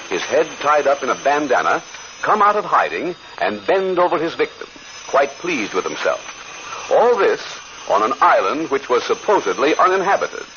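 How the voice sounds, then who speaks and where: Man narrating old radio adventure, lively swooping voice, dull faint hiss. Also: a little high. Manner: dramatic, swooping delivery. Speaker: narrator and announcer.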